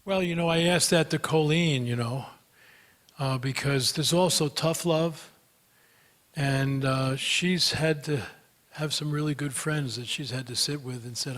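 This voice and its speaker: A man's voice: a little high, measured pace, fairly bright tone. A man speaking as a guest at a gathering, answering audience questions in a chatty, storytelling way with many fillers. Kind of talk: conference Q&A talk.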